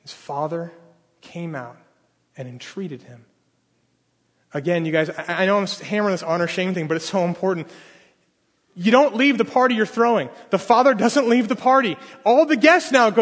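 A man preaching a sermon, retelling a story and acting out each character's pleading and complaints in lively voices. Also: fairly high pitch, normal speed. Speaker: pastor. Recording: reverberant hall.

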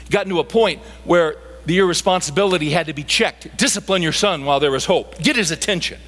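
High-voiced preacher in an echoing hall. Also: male voice, fast, a bit bright. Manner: emphatic, with rhetorical questions to the audience. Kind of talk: sermon. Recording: long hall reverb.

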